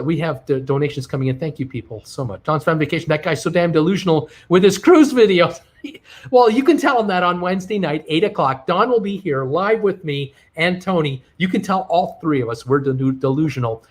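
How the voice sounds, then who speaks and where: Brief: middle-aged male livestream host, slightly high voice, reads chat comments aloud and reacts in quick casual asides. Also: slightly rough. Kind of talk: casual live-stream chat.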